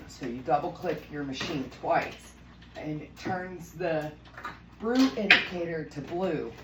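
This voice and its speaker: A woman chatting casually through a home vlog, bubbly and gushing, slipping into a high baby-talk voice for her cat. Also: noisy background. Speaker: lifestyle vlogger. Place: home kitchen and living room.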